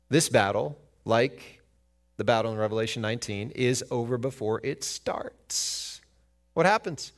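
A pastor preaching a sermon, emphatic, asking the congregation questions and then answering them. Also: male voice, mid-range voice, normal speed.

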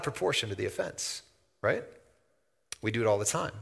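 Middle-aged preacher with a bright voice in an echoing hall. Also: male voice, fairly low pitch, big pitch swings, normal speed, vocal fry, pauses often, husky. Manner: conversational preaching that swells to loud, emphatic outbursts. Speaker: pastor. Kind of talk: sermon. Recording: long hall reverb.

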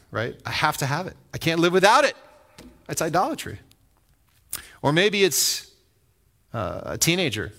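A man preaching a sermon in a conversational way, telling stories, acting out the voices in them and asking his listeners questions. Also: mid-range voice. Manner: animated storytelling that acts out voices; conversational, asks the audience questions. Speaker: pastor.

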